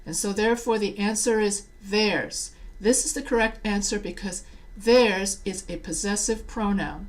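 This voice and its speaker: A woman teacher walks students through grammar quiz questions in a measured lecture voice. She slows down deliberately to read each example sentence aloud. Her pitch sits in an ordinary middle range. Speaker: writing teacher.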